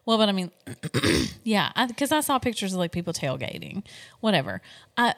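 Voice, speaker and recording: A woman's voice: medium pitch, huge pitch swings, moderate pace, fairly bright tone. A middle-aged woman co-hosting a podcast from home, chatting casually and rambling through everyday stories. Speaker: podcast co-host. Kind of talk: casual chat.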